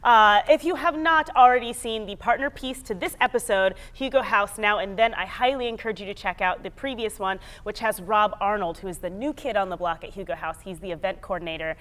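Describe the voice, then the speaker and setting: A woman's voice: mid-range voice, brisk, few pauses, a bit bright. A young adult woman who hosts a casual interview, laughs easily and gives short encouraging replies. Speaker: host.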